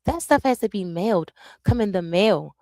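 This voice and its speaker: A woman's voice: medium pitch, expressive, moderate pace, dark tone, no room sound. A woman hosting a live reaction stream, talking loosely to her viewers, repeating herself as she juggles screens. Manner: loose, repetitive, talks to the audience while juggling screens.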